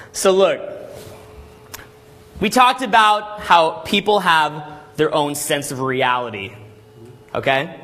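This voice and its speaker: A man telling a story to a class as a dating coach, animated and constantly checking in with "right?" and "okay?". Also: fairly high pitch. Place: Los Angeles.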